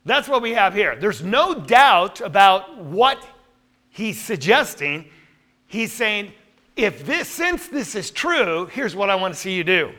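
Bright-voiced man teaching a Bible class. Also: sits high. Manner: asks the class questions and reads scripture aloud.

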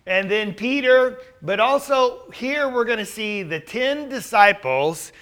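A man's voice: very high-pitched, lively intonation, slow, fairly bright tone. A man teaching a Bible class in a conversational way, asking the group rhetorical questions.

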